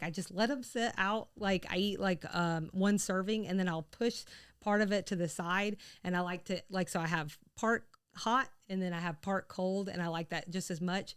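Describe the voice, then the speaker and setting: A woman's voice: mid-range voice, brisk, clear, resonant tone. A woman from the American South co-hosting a podcast, talking in a casual, chatty way with rambling asides and laughs. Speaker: podcast co-host. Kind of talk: casual chat.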